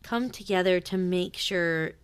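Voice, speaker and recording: Animated woman in casual podcast chat. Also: on the low side, measured pace, clear, resonant tone. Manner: animated, swears, many fillers. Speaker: podcast co-host.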